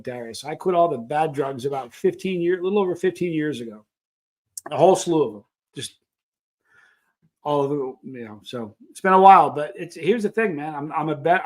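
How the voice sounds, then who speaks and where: A man hosts a casual live stream and rambles from one story to the next. His voice sits a little high for a man. He greets viewers by name as he goes. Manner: rambling, animated, reads out viewer names. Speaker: livestream host.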